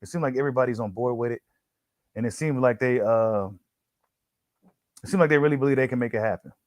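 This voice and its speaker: A man's voice: mid-range voice, quick pace, darkish tone, no room sound, clean studio sound. A man hosting a casual boxing commentary, slangy and full of fillers, who repeats himself and reads an article aloud to his viewers. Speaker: boxing channel host.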